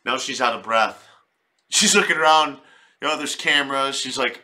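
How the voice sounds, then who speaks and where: A man's voice: medium pitch, moderate pace, sharp tone. A man doing comic reaction commentary in a crude, rambling, profane way. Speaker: video commentator.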